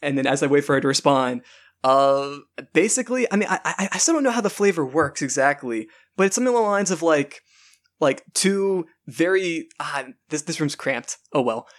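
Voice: mid-range voice, expressive, fairly quick. Giggly player describing a scene. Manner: giggly, chatty, describes actions. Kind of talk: casual tabletop role-play.

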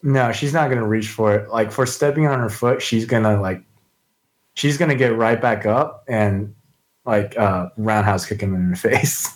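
A man's voice: fairly low pitch, moderate pace, rough recording. A man playing in a tabletop game, talking through his character's moves hesitantly, with many likes and restarts. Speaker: player.

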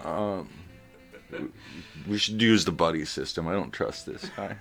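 A man's voice: low voice, unhurried, vocal fry, a bit bright, soft background music. A man playing a tabletop game, making wry jokes in casual banter. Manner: wry, joking. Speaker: player.

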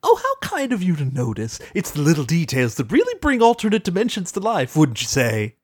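A woman's voice: sits low, big pitch swings, slow pace, dry recording, studio quality, pitched below the performer's own voice, full character voice. A woman voicing a scheming male chaos spirit who runs the game, with a theatrical, drawling, mocking delivery. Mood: sly.

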